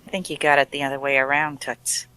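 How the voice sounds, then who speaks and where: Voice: medium pitch, little pitch movement, fast talker, pushed and bright, clean tone, no room sound, lightly acted. A player voicing a brash, sarcastic woman adventurer who needles and provokes others. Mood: needling. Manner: sassy, needling, tough-talking.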